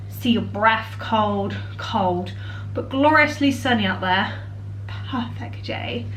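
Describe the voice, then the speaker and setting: A woman's voice: fairly high pitch, a bit bright, a little hiss or hum, rough recording. Cheerful, chatty British woman. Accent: British English. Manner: chatty, cheerful, laughs often. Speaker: vlogger, homemaker. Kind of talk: casual vlog chat. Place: home kitchen.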